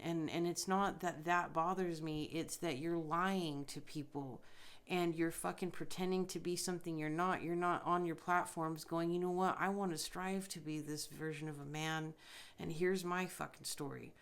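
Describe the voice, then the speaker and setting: A woman hosting a podcast, talking bluntly and emphatically in a casual spiritual monologue, with frequent swearing. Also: on the low side. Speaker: podcast host.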